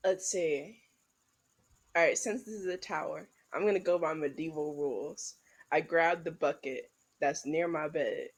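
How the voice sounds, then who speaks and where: A woman podcast co-host improvising a comedic role-play in a brash, teasing, trash-talking way. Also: sits low.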